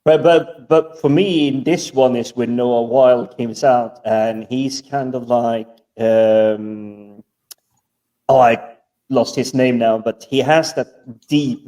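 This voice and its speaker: Male co-host, mellow tone, rambling and stammering, distant from the mic on an online call. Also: medium pitch, fairly even intonation, takes it slowly. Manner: rambling, stammers and repeats words. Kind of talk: casual chat.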